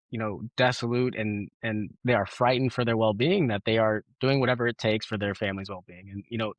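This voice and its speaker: A man who is a guest and former policy official, giving measured, explanatory interview answers and often checking in with "right?". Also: medium pitch, dry recording.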